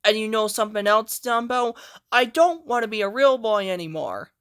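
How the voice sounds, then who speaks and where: A woman's voice: on the high side, moderate pace, smooth, lightly acted. A woman voicing a young wooden puppet boy who pleads and rambles in a sing-song way. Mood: confessing. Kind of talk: amateur character voice play.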